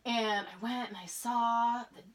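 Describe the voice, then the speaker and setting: This woman in her forties, from the Portland, Oregon suburbs, is a podcast guest telling a story in a relaxed chat. She's animated, acts out old quoted dialogue and laughs often. Her voice is fairly high, her pace measured, and the mic sounds distant.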